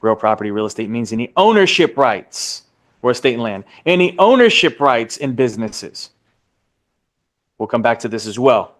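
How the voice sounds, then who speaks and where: A U.S. instructor leads a live class for real estate licensing in a medium-pitched, sing-song voice. He lingers on key terms to emphasize them and keeps asking the class questions.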